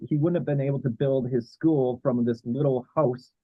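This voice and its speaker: A man talking as a guest historian in a casual interview, halting with many fillers and restarts. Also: medium pitch, fairly even intonation, no room sound. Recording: tinny phone-like line.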